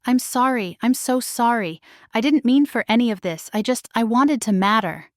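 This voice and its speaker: A woman's voice: a little high, moderate pace, dry recording, clean studio sound, close to an everyday voice. A woman voicing a remorseful young sister, pleading brokenly in a storybook romance. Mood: tearful.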